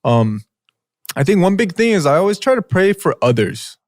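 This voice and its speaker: A man's voice: high voice, big pitch swings, normal speed, no echo, studio quality. A young man co-hosting a podcast, telling a story in casual slangy chat with lots of filler words and "bro". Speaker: podcast co-host.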